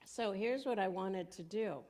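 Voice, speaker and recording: A woman's voice: mid-range voice, unhurried, warm tone. An older woman minister giving a conversational sermon in a church sanctuary, telling stories and laughing often.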